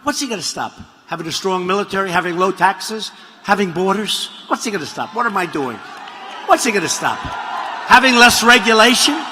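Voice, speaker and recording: A man holds forth at a political rally in a high, bright, forceful voice that swings widely in pitch. He rambles and mocks, circling back to repeat his own lines. The sound rings with the long reverb of a large venue. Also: lively intonation, normal speed, some chatter behind, a little hiss or hum. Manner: rambling, mocking, repetitive asides. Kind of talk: rally speech. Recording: reverberant hall audio.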